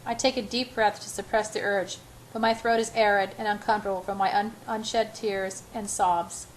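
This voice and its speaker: A woman's voice: medium pitch, fairly even intonation, moderate pace, a little hiss or hum, low-quality recording. A woman narrating a romance novel in the first person as an amateur audiobook, with small slips and restarts.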